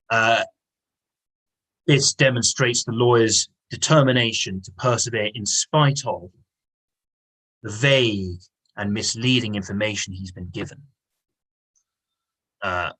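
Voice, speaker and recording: A male English teacher with a husky, slightly rough voice. He explains patiently and leans on key words by repeating them. He speaks at an unhurried lesson pace. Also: lowish voice, a bit bright, rough recording. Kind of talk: online lesson with reading aloud.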